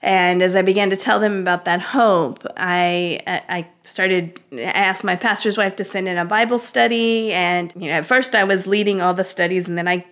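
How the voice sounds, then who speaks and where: A woman as an interview guest, telling her story in an animated, conversational way with frequent laughter, fillers and restarts. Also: lowish voice. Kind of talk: conversational personal testimony.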